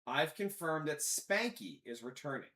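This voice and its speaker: Lively, bright-voiced man in a roomy studio. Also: fairly high pitch, moderate pace. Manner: animated, acts out quotes in other voices. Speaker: podcast host. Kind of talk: casual crude banter. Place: studio room.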